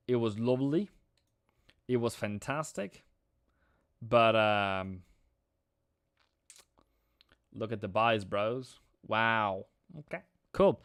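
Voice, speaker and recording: A man hosting a live trading stream, excitable and slangy, calling viewers mate and bro. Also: medium pitch, slow pace, clean tone, dry recording, clean studio sound.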